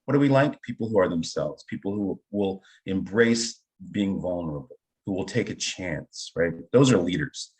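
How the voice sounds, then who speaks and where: A man's voice: deep voice, animated, normal speed, few pauses, darkish tone. A middle-aged man, an improv teacher, explaining his ideas with enthusiasm through personal anecdotes and frequent "right?" check-ins. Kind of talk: conversational interview storytelling.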